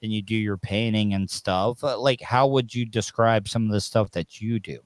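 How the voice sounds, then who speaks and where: Rambling Southern host, dry sound. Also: male voice, on the low side, normal speed, dry recording. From Florida, US South. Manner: rambling, restarts often, swears casually. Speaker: podcast host. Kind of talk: casual interview chat.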